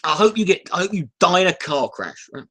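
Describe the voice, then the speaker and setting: A man's voice: sits high, animated, fairly quick, fairly bright tone. A man ranting at his chat in a casual, profane livestream, irritable and sighing, breaking off and restarting his sentences. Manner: irritable, sweary, restarts often, sighs. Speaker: YouTuber ranting on a live stream.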